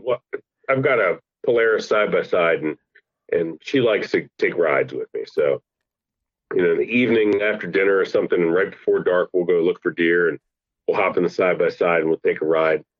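A middle-aged man calls in as a podcast guest, his fairly low voice swinging up and down as he tells family stories with easy laughter. The phone line makes him sound dull and lo-fi, and the sound is dry. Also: moderate pace, no echo. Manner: animated, laughing storyteller. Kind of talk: casual chat, telling family stories.

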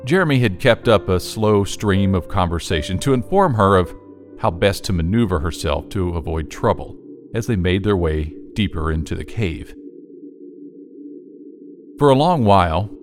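A male audiobook narrator reading a children's story with a steady, even delivery. His voice sits low, and a clear music bed plays under it.

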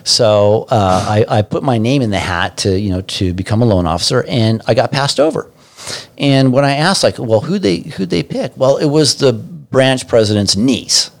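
A middle-aged man, a guest, telling a personal story casually, animated and profane, acting out the people he quotes. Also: lowish voice, normal speed.

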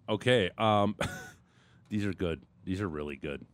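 A man's voice: low voice, a little slow. A man hosting a sports radio show, bantering casually and reading listener texts. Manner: joking, reads texts and ad reads. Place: radio studio.

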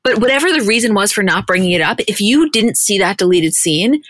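A blunt, opinionated woman co-hosts a casual podcast and swears freely as she argues her points. Her voice sits at a middle pitch and is recorded dry and close to the mic. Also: animated, a little fast, fairly bright tone, no room sound. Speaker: podcast co-host. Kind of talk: casual chat recapping reality TV.

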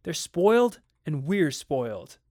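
A man voicing an anxious, stern father in a dramatic audiobook reading, his exasperation rising into sharp outbursts. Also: on the high side, big pitch swings, slow, dry recording, studio quality, heavily acted. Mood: uneasy.

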